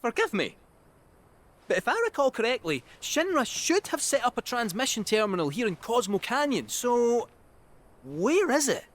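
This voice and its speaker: An actor playing a cheerful fortune-telling robot cat with a sing-song, theatrical way of talking. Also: male voice, very high-pitched, sing-song, normal speed, a bit bright, heavily acted. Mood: evasive.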